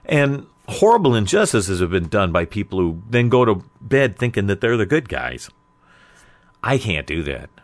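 A man's voice: lowish voice, very animated, normal speed, dry recording. A man telling a long joke in a conversational, rambling way, full of fillers. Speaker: storyteller. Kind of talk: casual spoken joke-telling.

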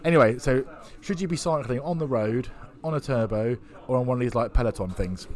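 Fast-talking joking podcast host. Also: male voice, medium pitch, a little mellow. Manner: rambling, joking, self-mocking. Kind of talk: casual chat. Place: pub.

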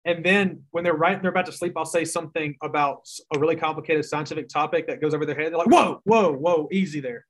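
A young man with a Southern drawl and a slightly raised pitch talks on a podcast. He tells long stories in a loose, self-mocking way. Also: flat delivery, fast talker, few pauses, fairly bright tone. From Mississippi. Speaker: guest writer. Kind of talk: casual podcast chat.

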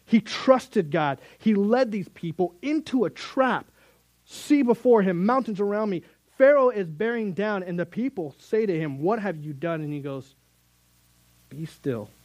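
A man's voice: sits high, expressive, moderate pace, darkish tone, no room sound, rough recording. A middle-aged man preaching a sermon as a youth Bible teacher, earnest and conversational, with sudden emphatic rises.

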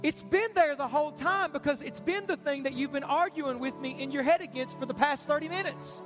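A pastor giving an urgent, repetitive altar call in a church sermon. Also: male voice, very high voice, a bit bright. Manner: urgent, repetitive, pleading preaching. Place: church stage.

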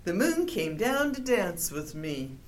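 A woman's voice: lowish voice, slow pace. Woman voicing an eager, wistful young bear. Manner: eager, excitable calls.

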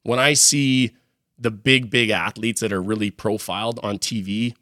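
A man's voice: on the low side, fairly even intonation, normal speed, pushed and bright, no echo, studio quality. A man from Canada co-hosting a sports podcast, talking in an upbeat, jokey and rambling way. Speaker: podcast co-host. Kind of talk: casual sports chat.

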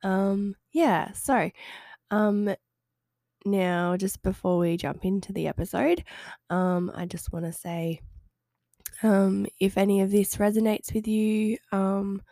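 A woman's voice: mid-range voice, steady tone, slow pace, dark tone, no echo, clean studio sound. Nasal woman with a head cold. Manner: hesitant, rambling, friendly. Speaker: podcast host and health coach. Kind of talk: casual solo podcast chat.

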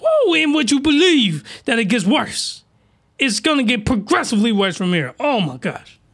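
An excitable man riffs through a crude anime recap in a bright, fairly high voice, full of slang and loud reactions. He talks straight to his viewers. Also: normal speed. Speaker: comedy reaction host.

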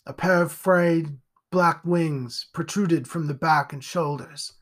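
A man narrating a horror story in a slow, deliberate storytelling manner. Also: a little high.

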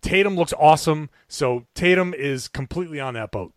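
A man's voice: a little high, brisk, no room sound, clean studio sound. A man co-hosting a casual sports podcast, breaking down plays with enthusiasm, sometimes tripping over his words and restarting. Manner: enthusiastic, analytical, with stumbles and restarts. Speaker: podcast co-host and basketball writer.

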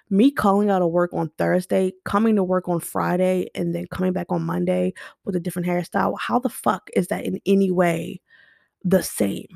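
A woman's voice: on the low side, fairly even intonation, normal speed, vocal fry, a little mellow, dry recording, clean studio sound. A young woman hosting a podcast, talking unscripted and bluntly about her past, swearing often. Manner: blunt and emotional, frequent swearing. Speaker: podcast host. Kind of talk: unscripted personal monologue. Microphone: home podcast mic.

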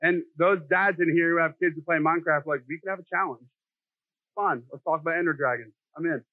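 High-voiced joking man preaching. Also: a little fast, no room sound. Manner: jokey, self-deprecating, conversational. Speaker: pastor. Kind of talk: sermon. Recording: dry, tinny phone-like sound.

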